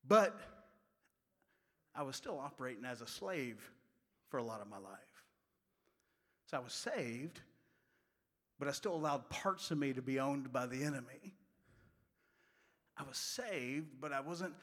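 Man, pastor preaching, bright forceful voice, fairly high, long reverb of a big hall. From West Virginia. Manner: folksy storytelling, swings from loud to hushed. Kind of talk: sermon.

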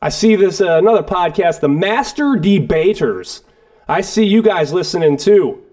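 A man's voice: sits high, lively intonation, moderate pace, darkish tone. A man from the Detroit area, co-hosting a podcast in loose, joking, profanity-laced casual chat. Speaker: podcast co-host.

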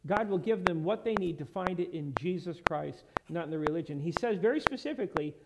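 A man's voice: high-pitched, animated, a little fast. A male pastor preaching a sermon in a church, emphatic and quoting scripture in old-fashioned wording. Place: church sanctuary. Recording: loud background noise in a church sanctuary.

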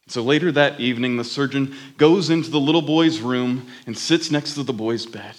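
A man's voice: medium pitch, moderate pace, few pauses. A man preaching a sermon, telling a story dramatically and building emphatic lists. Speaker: worship leader preaching.

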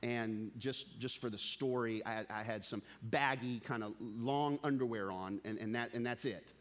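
A middle-aged man preaching a sermon as pastor, an animated storyteller who repeats words as he builds his point and chuckles through a funny story. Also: mid-range voice, normal speed.

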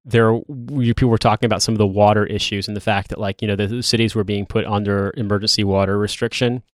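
A man's voice: fairly low pitch, steady tone, fast talker, no echo, studio quality. A man co-hosting a podcast in casual chat, rambling with stumbling restarts and swearing. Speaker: podcast co-host.

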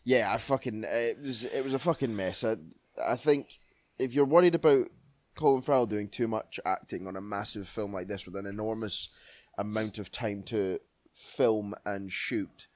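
A man's voice: lowish voice, normal speed, darkish tone, no room sound. A man co-hosting a film podcast, chatting bluntly and swearing freely. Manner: blunt, swears freely, puts on comic voices. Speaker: podcast co-host. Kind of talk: casual film review chat.

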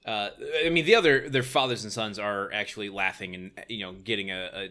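Podcast guy, bright kind of sharp voice, dry jokes about a bad movie. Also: lowish voice, a little fast. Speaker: podcast co-host reviewing a movie. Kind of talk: casual chat.

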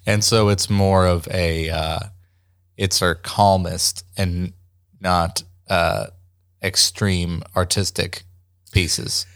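Deep-voiced man, short asides, dry sound. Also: flat delivery, takes it slowly, a bit bright, no room sound. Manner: brief reactions and short asides. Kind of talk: casual chat.

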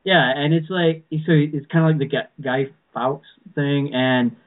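A man's voice: fairly high pitch, fairly even intonation, unhurried, a little hiss or hum. Rambling man on a tinny line. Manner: rambling, many restarts and "you know"s. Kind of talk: casual fan chat. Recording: tinny phone-like sound.

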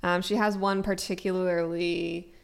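A woman's voice: lowish voice, flat delivery, unhurried, creaky, smooth. A young woman co-hosting a podcast, talking thoughtfully and casually about books. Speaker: podcast co-host. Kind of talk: casual book discussion.

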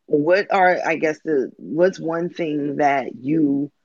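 Man, fairly high pitch, animated casual chat, dry muffled recording. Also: slow, no echo. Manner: animated, acts out voices of others. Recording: dull lo-fi dry sound.

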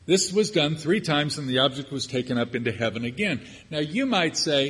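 An older male preacher delivers a sermon in a husky, slightly breathy voice, mixing scripture with humorous, chatty asides. His voice carries a long reverb, as in a large sanctuary. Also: a little high, animated, brisk, few pauses, a bit bright.

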